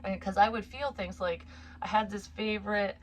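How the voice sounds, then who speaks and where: A woman's voice: mid-range voice, fairly even intonation, normal speed. A woman in her forties, a psychic medium, casually telling a personal story in a frank, profane, rambling way. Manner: chatty, rambling with asides.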